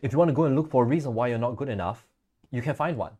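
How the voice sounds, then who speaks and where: A man's voice: mid-range voice, very fast, husky. A man co-hosting a podcast, chatting casually, telling stories and acting out quotes with easy laughs. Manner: relaxed storytelling, laughs easily, acts out quotes. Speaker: podcast co-host.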